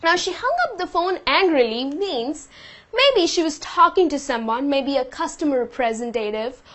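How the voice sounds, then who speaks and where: Female teacher, higher voice, patient and explanatory, lesson delivery. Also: animated, normal speed, fairly bright tone. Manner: patient, explains with example sentences. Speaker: English teacher.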